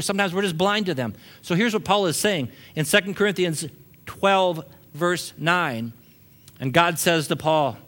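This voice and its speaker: A man delivering a sermon as pastor, moving between animated emphasis and a soft, intimate delivery. He reads scripture aloud and speaks directly to the congregation. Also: a little high. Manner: animated preaching, drops to soft intimate tones at the close.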